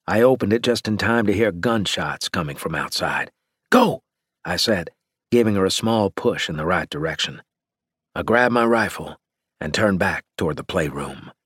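A man narrating a first-person story in a grim, measured audiobook reading. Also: low-pitched, animated, a bit bright, slightly rough, no room sound, studio quality.

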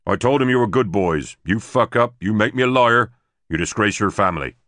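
A man's voice: on the low side, animated, a little fast, a bit bright, no room sound, clean studio sound. A man voicing a blunt, stern convoy elder who warns young relatives to behave. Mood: stern warning. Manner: blunt, warning. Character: stern male convoy elder, protective of family.

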